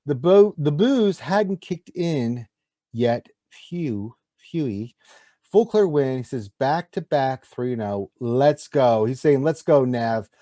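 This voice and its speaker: A man's voice: mid-range voice, lively intonation, takes it slowly, dark tone, dry recording. A man co-hosting a casual gaming show, joking and teasing as he reads out viewers' notes. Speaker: co-host.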